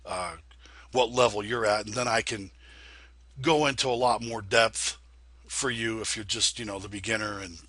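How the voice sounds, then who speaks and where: Stuffed-up guy with a husky, bright voice rambling through a sim tutorial, lots of restarts. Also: fairly low pitch, steady tone, moderate pace, dry recording. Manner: rambling, restarts often, folksy. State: congested from a sinus infection. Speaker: flight sim video host. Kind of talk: casual tutorial talk.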